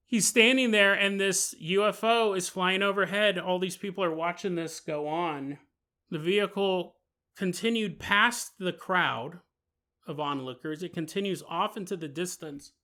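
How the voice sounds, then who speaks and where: A man hosting a podcast, narrating a paranormal story in an animated way and laughing as he goes. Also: fairly high pitch, normal speed. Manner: animated, laughs while telling. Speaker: podcast host.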